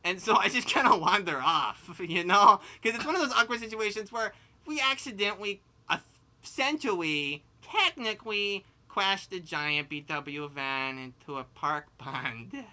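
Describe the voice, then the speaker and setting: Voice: medium pitch, lively intonation, a little slow, pushed and bright. A performer voicing a rambling cartoonish pig storyteller who lisps, turns r into w, laughs mid-sentence and keeps saying "like" and "you know" in improvised comedic storytelling. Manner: lisping, turns r into w.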